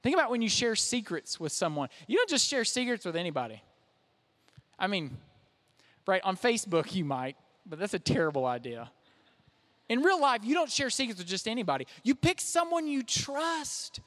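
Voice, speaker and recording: A man's voice: sits high, big pitch swings, normal speed, fairly bright tone. A young man, a pastor, preaching a sermon in a conversational, self-deprecating way. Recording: reverberant hall.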